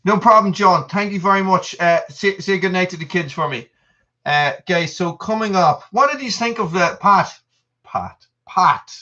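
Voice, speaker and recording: A man in his thirties hosting a live stream, talking in loose, rambling chat and answering viewers as he goes. His voice is bright and forceful. The sound is dull and lo-fi. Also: sits high, moderate pace. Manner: rambling and chatty, reading out viewer messages. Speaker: channel host.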